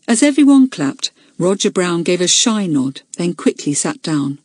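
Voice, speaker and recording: Breathy woman reading a children's audiobook. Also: on the low side, big pitch swings, darkish tone, dry recording. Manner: clear, measured storytelling. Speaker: audiobook narrator. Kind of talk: scripted audiobook narration.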